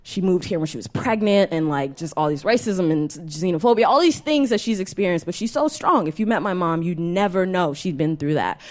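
A young adult woman performing a live stand-up set in a small venue, animated and self-mocking, often laughing at her own jokes. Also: on the low side, fairly quick, hardly any pauses. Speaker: stand-up comedian.

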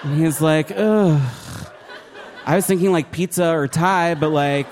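A man doing a stand-up set, self-mocking and shouting his punchlines. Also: fairly high pitch, unhurried, slight background noise. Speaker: stand-up comedian. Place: live comedy show before an audience.

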